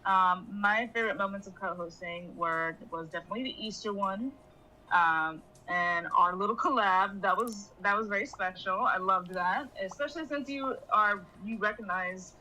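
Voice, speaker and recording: A woman's voice: mid-range voice, moderate pace, bright, forceful tone, rough recording. A woman co-host chatting casually on a podcast, rambling through her memories with lots of fillers.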